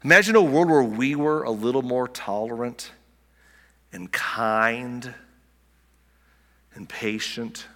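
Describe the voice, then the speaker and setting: A man preaching a sermon in a conversational way, restarting phrases and dropping softly on key words. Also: medium pitch, takes it slowly, long pauses, in a large hall. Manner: conversational preaching with restarts and soft dramatic drops. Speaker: pastor.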